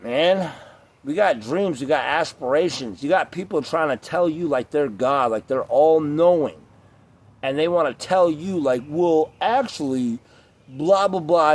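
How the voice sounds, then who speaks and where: A young man ranting to camera in a blunt, profane, rambling vlog monologue, now and then mocking the voices of others. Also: mid-range voice. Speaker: vlogger.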